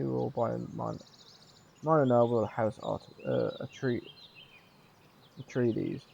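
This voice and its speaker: Male streamer, slightly croaky, gravelly, casual let's-play read-through, dull lo-fi mic, faint music underneath. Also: mid-range voice, slow, pauses often, darkish tone, a little hiss or hum. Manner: chatty, reads narration with small slips and restarts. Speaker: gaming streamer. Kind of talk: casual let's-play commentary, reading game text aloud.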